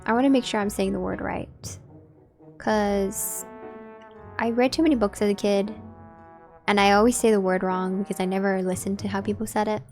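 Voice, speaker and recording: A woman's voice: mid-range voice, steady tone, moderate pace, pauses often, darkish tone, soft background music. A woman streaming a game and chatting casually with her viewers, musing aloud. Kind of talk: casual gameplay commentary.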